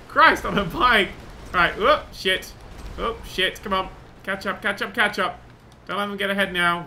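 Excitable young guy commentating a game, high bright voice, faint background hum. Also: fairly quick. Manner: excitable, swears, sing-song humming. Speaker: gaming video host.

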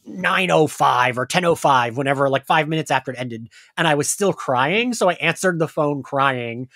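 A man's voice: on the high side, normal speed, a bit bright, dry recording. Male podcast host, stuffy-nosed, chatty storyteller; dry close mic. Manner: chatty storyteller, acts out quoted friends. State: congested from crying. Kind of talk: casual chat.

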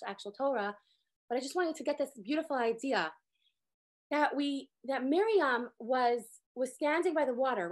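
Woman, high voice, casual class teacher, animated storyteller, filler-heavy, video call audio. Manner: animated storytelling, acts out characters' lines, many "like" fillers. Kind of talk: casual online Torah class.

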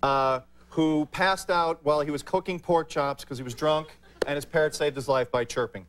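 Deadpan male comic guest, slightly high voice, filler-laden talk-show storytelling. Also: moderate pace. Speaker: comedian guest. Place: TV studio.

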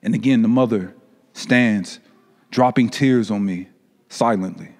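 A man voicing an ancient carpet that recalls the centuries it has witnessed, speaking slowly and solemnly with dramatic pauses. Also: on the low side, a little mellow. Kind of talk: dramatic spoken-word monologue. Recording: long reverberant room echo.

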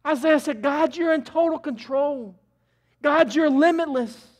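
Pastor guy preaching hard in the sanctuary, highish voice, gets loud then goes quiet. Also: measured pace. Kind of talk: sermon. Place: church sanctuary.

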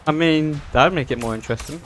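A man's voice: on the high side, fast, crowd noise. Dry teasing gamer guy. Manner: dry teasing, giving directions. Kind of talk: casual co-op gameplay chat. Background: game music.

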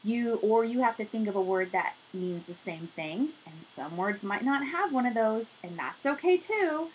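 A woman's voice: fairly high pitch, normal speed, a little hiss or hum, poor audio. A woman, a speech therapist, reading a story aloud to young children and leading a game, talking straight to them with encouragement. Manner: animated, encouraging, talks straight to young listeners. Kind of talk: children's read-aloud and activity lesson.

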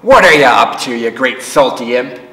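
A man voicing a grumpy old male seaside hermit in a storybook reading, gruff and scolding. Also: medium pitch, lively intonation, normal speed, bright, forceful tone, roomy sound, long reverb tail.

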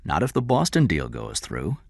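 A man's voice: low voice, wildly swooping pitch, moderate pace, vocal fry, husky, dry recording, studio quality, pitched below the performer's own voice, full character voice. A man reading aloud and voicing a ruthless middle-aged businessman with a hard, clipped manner. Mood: bitter. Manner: hard, clipped, erupts into screaming.

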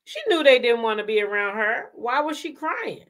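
A woman's voice: a little high, big pitch swings, moderate pace, a bit bright. A woman hosting a casual commentary show, talking emphatically, repeating her points and firing off rhetorical questions. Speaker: commentary host.

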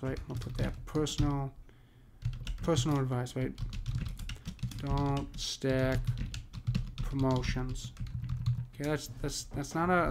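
Man, casual teacher, rambling, monotone delivery, keeps asking "right?". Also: mid-range voice, a little hiss or hum. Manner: rambling, repeats "right?" often, many restarts. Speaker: poetry teacher. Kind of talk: casual explanatory lesson.

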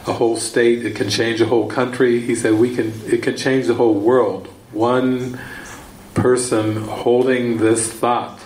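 A man's voice: medium pitch, echoey room, poor audio. Man telling a story at a retreat. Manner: rambling, repeating words, breaks into excited shouted quotes. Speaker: spiritual teacher. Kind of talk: retreat teaching talk, storytelling. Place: retreat session room.

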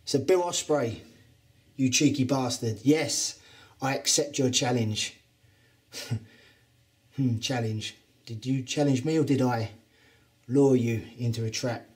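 A man's voice: medium pitch, unhurried, a little mellow. A man with a Cockney London accent giving a taunting, boastful wrestling promo as a trainer, swearing freely. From England.

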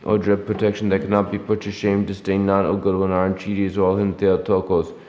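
A man reading prayers at a church service in a measured, solemn recitation. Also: low-pitched, monotone, mellow. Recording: lo-fi recording in an echoey church hall.

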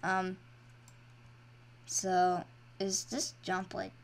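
Excitable woman narrating her gameplay. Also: medium pitch, very slow, creaky, a little hiss or hum. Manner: excitable, swings from mumbling to loud shrieks. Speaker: gaming channel host. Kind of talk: casual gameplay commentary.

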